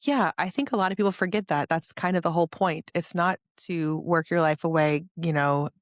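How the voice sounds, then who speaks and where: A woman hosting a podcast, telling a personal story openly and emotionally, with frequent "like" and occasional throat clearing. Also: on the low side, brisk, dry recording, studio quality. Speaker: podcast host. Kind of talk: heartfelt conversational storytelling.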